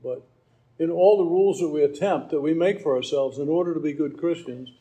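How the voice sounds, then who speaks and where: A man delivers a sermon in a conversational teaching style, stopping to explain verses with offhand asides. His voice sits a touch high and has a mellow, warm tone. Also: a little fast, poor audio. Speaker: preacher.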